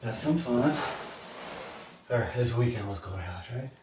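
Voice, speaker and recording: A man's voice: mid-range voice, expressive, measured pace, noisy background. Out-of-breath man, roomy and distant. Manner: panting, chatty between sets. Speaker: fitness vlogger. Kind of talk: casual workout talk to camera.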